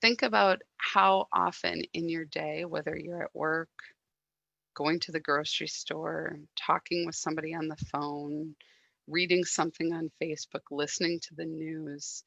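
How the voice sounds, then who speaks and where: A woman giving a reflective sermon, speaking gently with soft pauses and quiet moments. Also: low voice, steady tone, creaky, no room sound, highs cut off. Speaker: guest speaker at a church service.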